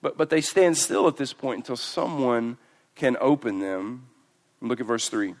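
Preacher swinging from hushed to booming. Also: male voice. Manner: swings from hushed and slow to loud and emphatic. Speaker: pastor. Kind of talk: sermon.

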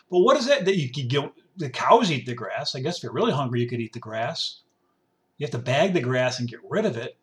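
A man's voice: on the high side, distant mic. A middle-aged man in a casual ranting monologue, sarcastic and rambling, who drops into grumbling voices to mimic people who complain. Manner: rambling with restarts and repetition. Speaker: commentator.

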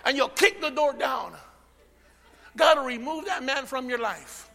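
A man preaching a sermon as pastor, calling out amen and drawing the congregation in, swinging from shouting to a near whisper. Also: very high voice, lively intonation, unhurried, vocal fry, long reverb tail. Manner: peppers speech with amen and call-and-response. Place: church sanctuary.

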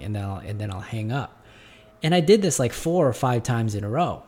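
A man in an unscripted, reflective talk to his audience, calling them "guys". He speaks at a mid-range pitch and keeps restarting and doubling words as he thinks aloud. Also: lively intonation, a little mellow. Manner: halting, repeats and restarts words often; addresses listeners as "guys". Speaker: gym owner speaking to viewers. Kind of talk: reflective casual monologue.

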